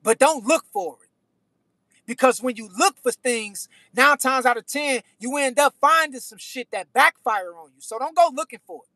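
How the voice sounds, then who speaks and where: Man, high pitch, bright tone, dry close sound, slangy preachy livestream chat. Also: expressive, normal speed, no echo. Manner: slangy, preachy life advice, repeats phrases. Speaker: livestream host reading chat. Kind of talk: casual chat.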